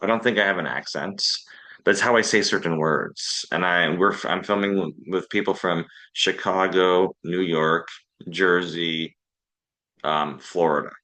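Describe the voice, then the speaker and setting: Canadian man, lower voice with a bright, forceful edge, chatty storyteller. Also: steady tone, unhurried, low-quality recording. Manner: anecdotal, self-deprecating storytelling. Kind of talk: casual group discussion.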